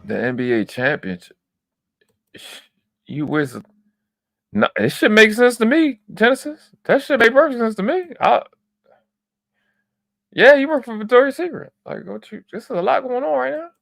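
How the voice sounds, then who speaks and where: A man's voice: very high voice, very animated, normal speed, creaky, long pauses, a bit bright, dry recording. A man hosting a livestream, giving profane, exclamatory reaction commentary. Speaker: livestream host.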